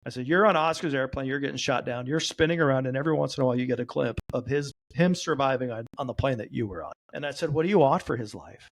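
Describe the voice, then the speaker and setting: Animated man telling a story. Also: mid-range voice, quick pace, few pauses. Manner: animated storyteller, acts out quoted dialogue. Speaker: guest, trauma therapy practitioner. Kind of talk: storytelling in a podcast interview.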